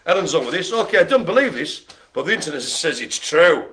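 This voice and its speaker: A man's voice: on the high side, sing-song, fast, a crowd in the background. A man calling bingo with jokes, banter and playful asides to the players. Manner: jokey, chatty, playful asides. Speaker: bingo caller.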